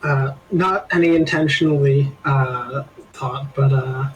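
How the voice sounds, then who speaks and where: A man's voice: medium pitch, fairly even intonation, takes it slowly, a little hiss or hum, rough recording. A man playing a tabletop game, making dry jokes about his character. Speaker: player.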